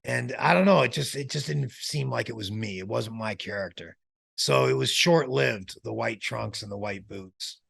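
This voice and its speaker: A man being interviewed as a former pro wrestler, telling stories in a lively way, acting out quotes and laughing as he goes. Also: mid-range voice, moderate pace, gravelly, slightly rough. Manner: animated storyteller who acts out quotes and laughs. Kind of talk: casual storytelling interview.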